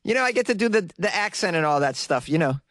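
A man's voice: high voice, lively intonation, fast, a bit bright, no room sound. A man from Boston hosting a comedy news segment, teasing and sarcastic and laughing often. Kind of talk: mocking comic commentary on weird news.

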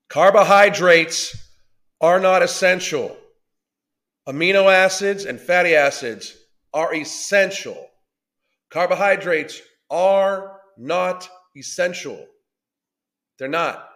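A man with a fairly high voice rants bluntly and combatively, swearing often as he reacts. His voice carries a roomy echo, as if recorded in a bare room. The delivery is podcast commentary, harsh and unsparing. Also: fairly bright tone. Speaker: podcast host.

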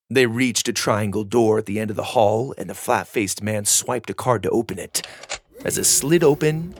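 Guy narrating a kids space story, raspy voice, dry mic. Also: fairly low pitch, no echo.

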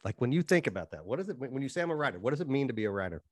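A man's voice: medium pitch, big pitch swings, very fast, dry recording, clean studio sound. A man hosting a podcast interview, asking loose, friendly follow-up questions. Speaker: podcast host. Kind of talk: casual interview talk.

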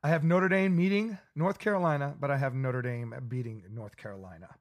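A man hosts a casual sports podcast at an average pitch. His talk is loose and chatty. He sounds relaxed as he walks through his bracket picks. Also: a little fast. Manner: loose and chatty, with laughs and acted-out quotes. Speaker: podcast co-host.

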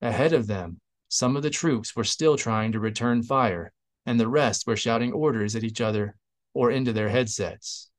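A man narrating an audiobook in a steady, even reading voice. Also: medium pitch, moderate pace. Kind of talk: scripted narration.

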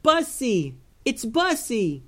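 A man voicing a tender middle-aged aunt in a read-aloud story, speaking softly. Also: high voice, wildly swooping pitch, normal speed, pitched above the performer's own voice. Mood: tearful relief.

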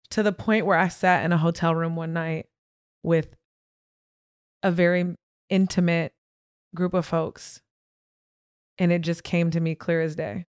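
A woman's voice: on the low side, dry recording, studio quality. A young woman hosting a podcast, frankly and emphatically telling a personal story straight to her listeners. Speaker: podcast host. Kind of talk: candid personal storytelling monologue.

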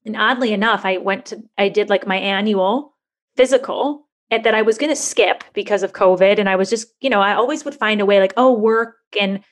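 A woman in her thirties telling a personal story in a candid interview, lively and chatty, acting out the voices of people she quotes. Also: medium pitch, brisk. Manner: animated, acts out quoted voices, frequent "like" fillers. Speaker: guest.

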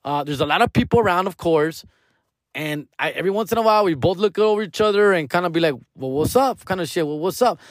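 Young dude, kinda high voice, cursing storyteller w/ spanish slang, dry close mic. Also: male voice, quick pace, no room sound. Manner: profane slangy street talk with Spanish words. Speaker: comedian telling a story. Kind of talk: casual storytelling.

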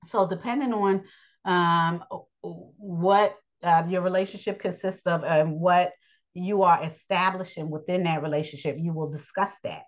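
A woman giving a blunt, preachy spoken lesson on relationships, pausing often with fillers. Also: lowish voice, steady tone, dull audio. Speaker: teacher of a daily lesson.

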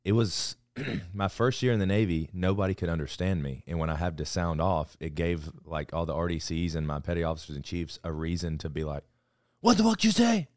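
A man of thirty from Alabama with a slight Southern US accent, chatting as a podcast guest in a relaxed, carefully enunciated way. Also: deep voice, no room sound, clean studio sound. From Florence, Alabama, USA. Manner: relaxed, deliberately enunciated speech. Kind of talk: casual interview chat.

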